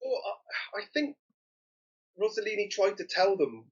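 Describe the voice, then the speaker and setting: A man's voice: high-pitched, big pitch swings, moderate pace, husky, highs cut off. A man co-hosting a film podcast, sharing behind-the-scenes trivia in a hesitant way, often repeating words as he goes. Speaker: podcast co-host. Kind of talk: casual film discussion.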